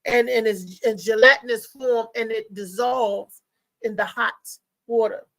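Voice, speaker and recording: Chatty woman show host, gravelly and bright. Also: a little high, fairly even intonation, unhurried, no room sound, poor audio. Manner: chatty, loose, talks straight to viewers. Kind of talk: casual live show chat.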